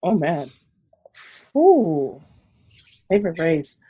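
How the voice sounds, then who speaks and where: A woman's voice: low-pitched, very slow, slightly rough, muffled recording. A woman from Brooklyn, a guest on a live video chat, telling stories casually and acting out quoted lines with laughs. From Brooklyn, New York. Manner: animated, laughing, acts out quotes. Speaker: guest runner.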